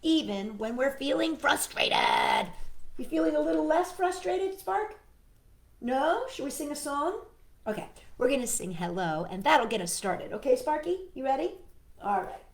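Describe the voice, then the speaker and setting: A woman hosting a children's storytime, reading a picture book aloud in a gentle, expressive way and chatting to a puppet. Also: high voice, moderate pace. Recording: roomy echo, faint music.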